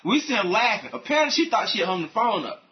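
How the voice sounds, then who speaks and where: A man in casual chat, telling profane, animated stories about his call center job. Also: high-pitched, quick pace, dull audio. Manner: animated storyteller acting out callers in different voices.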